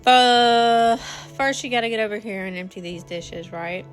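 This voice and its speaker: A woman's voice: on the high side, moderate pace. A woman, chatting casually to viewers while cleaning her home kitchen. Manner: chatty, addresses viewers as y'all. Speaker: cleaning vlogger. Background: faint music.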